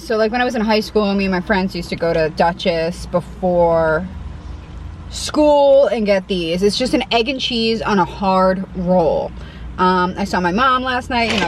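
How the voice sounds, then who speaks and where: A woman's voice: mid-range voice, a little hiss or hum, poor audio. Chatty woman eating in a parked car. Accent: Connecticut. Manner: chatty and self-deprecating, eating between remarks. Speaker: mukbang vlogger. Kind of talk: casual eating vlog chat.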